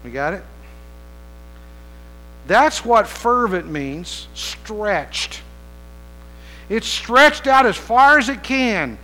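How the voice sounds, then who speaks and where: A man's voice: high voice, very animated, extremely slow, long pauses, bright, forceful tone, poor audio. A man preaching a sermon as pastor, talking conversationally, asking the congregation rhetorical questions and mixing in playful humor.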